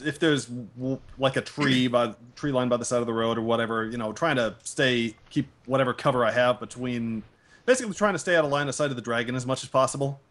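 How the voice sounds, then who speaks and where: A man's voice: mid-range voice, brisk, fairly bright tone. A man playing in a tabletop game, chatting casually and eagerly. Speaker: player.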